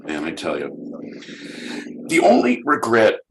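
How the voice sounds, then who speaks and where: Rambling Californian man, low voice. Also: measured pace, background noise. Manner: rambling, excitable, swearing, many restarts. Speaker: podcast co-host. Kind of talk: casual chat.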